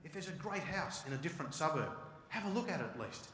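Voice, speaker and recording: A man with an Australian accent giving an animated, joking keynote talk. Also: a little high, fast talker, slight background noise. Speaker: keynote speaker. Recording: echoey hall, live stage.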